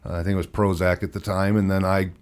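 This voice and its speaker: A man in his fifties with a very low voice tells his story to a podcast host. He is candid and rambles a little, and he often laughs at himself as he talks. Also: flat delivery, fast talker, clean tone. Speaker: podcast guest. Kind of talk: personal storytelling interview.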